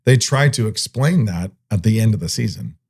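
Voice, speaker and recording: A man co-hosting a podcast in easy, casual chat. His voice sits a little low and comes across dark and mellow. He is playful, throwing in goofy sound effects and laughing often. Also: animated, moderate pace, creaky, husky. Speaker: podcast co-host.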